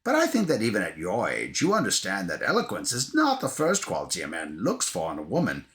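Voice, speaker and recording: A man's voice: sits low, wildly swooping pitch, brisk, a bit bright, pitched below the performer's own voice, exaggerated voice. A man voicing a prim, haughty elderly English grandmother with an English accent, condescending and cutting in a board game reading. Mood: disdainful.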